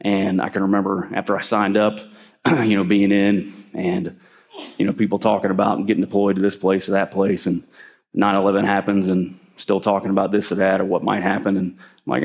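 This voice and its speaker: A middle-aged man preaching a sermon in a storytelling way, often clearing his throat and lifting his voice when he acts out what people said. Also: deep voice, level tone, fairly quick.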